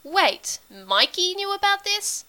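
A flustered young man blurts out halting, breathless lines, pitched high, as a woman reads him in an audiobook. The voice is clear and bright. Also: steady tone, rough recording.

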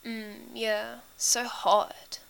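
A low-voiced young man drawls and murmurs, teasing and fond, as a woman reads him in an audiobook. The voice is bright and clear, and the murmur stays quiet. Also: steady tone, moderate pace, close to an everyday voice.

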